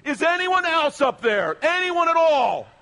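A man preacher voicing a frightened man hanging from a cliff branch, yelling and pleading for help in a sharply raised voice. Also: extremely high pitch, normal speed, voice pushed up. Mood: panicked.

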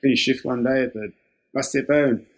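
A man's voice: medium pitch, fairly even intonation, a little fast. An older Australian man, a former lifeguard, telling stories in a laid-back way, acting out the quoted exchanges and chuckling often. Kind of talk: casual storytelling.

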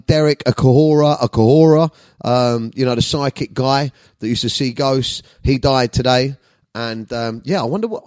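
A man's voice: medium pitch, no echo. A boisterous man in his thirties runs his comedy podcast solo, swearing freely and bantering at pace. His voice sits in a middling register. The recording is dry, with no room around it.

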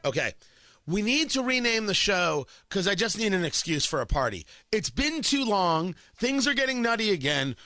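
A man's voice: high voice, pushed and bright, no echo. A middle-aged man hosting a morning talk radio show, delivering an opinionated monologue with emphatic repetition and sarcastic asides. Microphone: studio microphone.

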